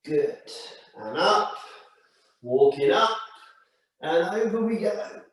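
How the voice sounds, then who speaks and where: Calm, slow stretching instructor, man. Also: sits high. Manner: slow, calm step-by-step cues. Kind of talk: guided exercise class. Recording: echoey room, mic far off.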